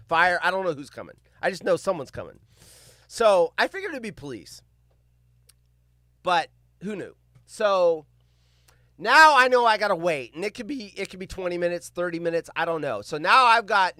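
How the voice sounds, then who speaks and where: A man with a high, forceful, clear voice tells a story to his live stream chat from his home office. He talks casually and mocks himself as he acts out the people in it. The sound is dry and close, with no room echo. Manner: animated, self-mocking, acts out other people's lines.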